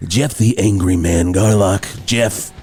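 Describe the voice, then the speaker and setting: A man's voice: low-pitched, slow pace, darkish tone, breathy edge, faint music behind, exaggerated voice. A man playing a cheesy morning rock radio host who rambles through his show patter. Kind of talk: improvised comedy.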